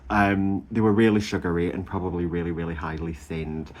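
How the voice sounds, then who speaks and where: Man, 30s, low voice; chatty vlogger gushing about his weekend, lots of ums and laughs. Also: flat delivery, a little fast. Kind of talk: casual chatty weight-loss update.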